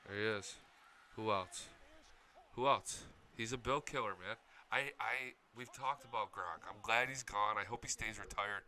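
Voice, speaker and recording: A man, chatting casually as a sports channel host and reacting like an excited fan to game highlights. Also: a little slow. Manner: excited fan, swears, talks back to the footage.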